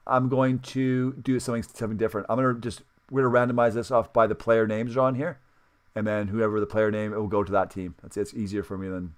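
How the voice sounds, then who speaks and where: A man hosting a sports card break livestream, talking casually, counting steps aloud and apologizing for slip-ups. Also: medium pitch. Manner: chatty, apologetic self-corrections, counts aloud.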